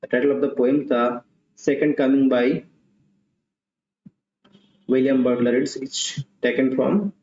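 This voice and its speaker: The man's pitch is medium and his intonation fairly even; he keeps a measured pace, pauses often and sounds a little mellow. He's an English literature tutor running an online exam-prep class, repeating questions and options with occasional Hindi. Slight hiss or hum sits under a dull, roomy, lo-fi recording.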